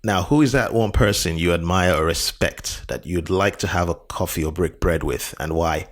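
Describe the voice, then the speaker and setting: A man with a deep, low-set voice hosts a casual podcast interview. He talks in an upbeat, relaxed way and often repeats words for emphasis. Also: moderate pace. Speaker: podcast host.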